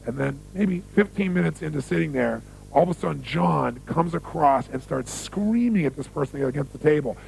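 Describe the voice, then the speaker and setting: A man's voice: on the high side, lively intonation, moderate pace, creaky, hardly any pauses, darkish tone, a little hiss or hum, low-quality recording. A man giving a motivational seminar talk on stage, telling stories, repeating key phrases for emphasis and quizzing the audience. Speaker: motivational speaker.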